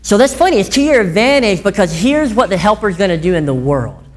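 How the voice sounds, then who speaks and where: Woman preacher, conversational sermon, very expressive pitch, chatty questions to the congregation. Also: brisk. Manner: animated, chatty, asks listeners questions.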